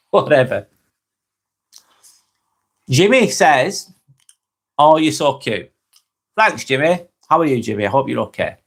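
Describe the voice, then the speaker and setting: A man's voice: fairly high pitch, a bit bright. A young man hosting a casual live stream, reading viewers' comments aloud and answering them frankly and chattily.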